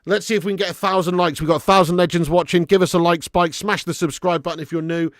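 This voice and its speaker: A man hosting a live football watch-along, excitable, yelling at the referee one moment and muttering the next, and chatting with his viewers. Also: quick pace, dry recording, studio quality. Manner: excitable, yells at the referee, then drops to low muttering; swears and chats with live viewers. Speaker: fan channel host.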